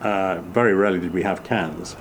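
Man with an English Midlands accent, low-pitched, thoughtful conversational host. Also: brisk, slight background noise. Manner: reflective, many restarts, animated bursts. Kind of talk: casual chat.

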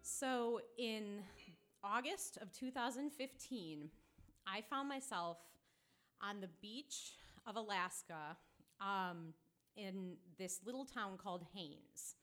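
A woman with a mid-range voice starts a first-person story for an audience. She talks in a relaxed way and drops the odd filler um. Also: medium pitch, slow.

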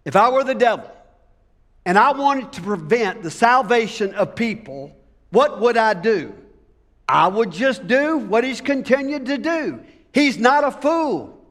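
A man's voice: very high voice, big pitch swings, a little slow, fairly bright tone. A male pastor preaching an emphatic sermon and drawing call-and-response from his congregation. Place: church sanctuary. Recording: long church hall reverb.

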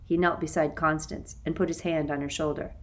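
A woman reading a children's novel aloud as an audiobook narrator, in an expressive storytelling manner. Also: low-pitched, fairly quick. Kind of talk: scripted narration.

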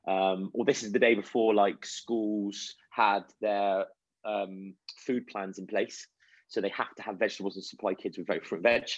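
Speaking at normal speed in a lowish voice, this children's nutrition coach responds to interview questions with chatty anecdotes and animated storytelling. There's no echo, though the recording sounds dull and lo-fi.

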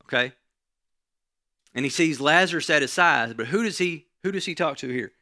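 A man's voice: on the high side, animated, normal speed, pushed and bright, dry recording, clean studio sound. A man preaching a conversational sermon, often checking in with the listeners by asking "right?". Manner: conversational teaching, frequent "right?" asides.

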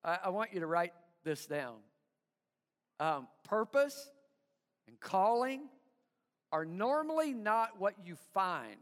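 High-voiced man preaching in an echoing hall. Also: very animated, slow pace, long pauses. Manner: emphatic, call-and-response with the congregation; stammering repeats of words. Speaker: pastor. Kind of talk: sermon. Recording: live sermon with long hall reverb.

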